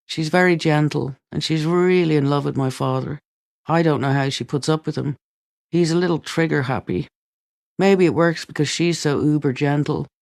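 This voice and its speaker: Man, memoir reader, fairly high voice, calm and unhurried, dry close-miked sound. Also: creaky, no room sound. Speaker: audiobook reader. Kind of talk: memoir reading.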